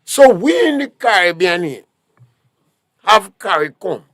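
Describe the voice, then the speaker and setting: A man's voice: sits high, very animated, measured pace, fairly bright tone, no room sound, studio quality. A man with a Grenadian accent, a talk show guest, lecturing emphatically with rhetorical questions. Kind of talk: political talk show discussion.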